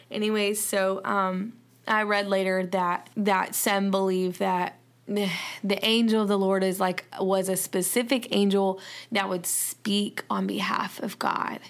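A Bible teacher with a Southern accent gives an earnest, conversational Bible study talk, with fillers and restarts along the way. Her voice is medium in pitch.

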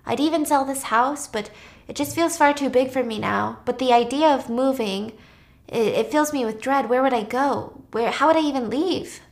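A fearful, secretive recluse, as a woman retelling the story puts her on, slightly high and hesitant. She speaks uneasily and sounds unsure. The reading stays casual and light. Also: normal speed. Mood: uneasy.

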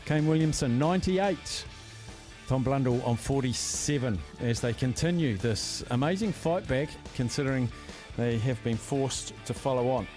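A man from New Zealand hosting a sports radio show, calling scores and chatting with excitable energy. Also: mid-range voice, normal speed, soft background music.

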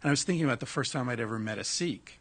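Brief: casual raconteur, husky and gravelly, animated and blunt. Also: male voice, medium pitch, rapid-fire. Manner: animated, swears freely, restarts. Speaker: guest telling a travel story. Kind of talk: casual storytelling.

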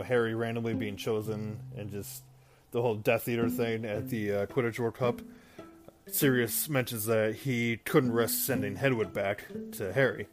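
A man hosting a podcast, casually recapping a movie into his phone, rambling and often correcting himself mid-sentence. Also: mid-range voice. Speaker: podcast host. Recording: music playing underneath.

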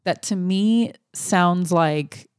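A woman's voice: on the low side, drawn-out words, clean tone, dry recording. Dry-voiced woman podcast co-host. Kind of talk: casual podcast chat.

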